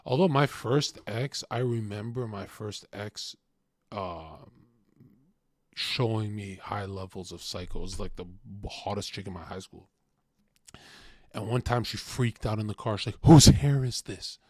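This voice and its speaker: A young man talking casually in a crude, rambling storytelling monologue, swinging from loud outbursts to mumbled asides. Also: on the low side, a little slow, no echo, studio quality. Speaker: podcast host.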